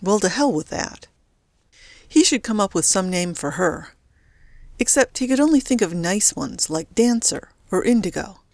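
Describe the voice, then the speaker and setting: A woman narrating a story in a steady, even reading voice. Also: medium pitch, normal speed, no room sound. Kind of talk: audiobook narration.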